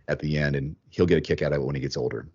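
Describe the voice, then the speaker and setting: A man hosting a podcast in casual chat, animated, thinking aloud and repeating words as he goes. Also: extremely low pitch, very fast, highs cut off. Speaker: podcast host.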